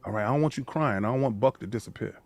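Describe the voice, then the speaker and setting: A man's voice: mid-range voice, racing. A man hosting a podcast, ranting emphatically with many restarts in a casual conversation. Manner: emphatic, animated, repeats words when starting a sentence. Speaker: podcast host.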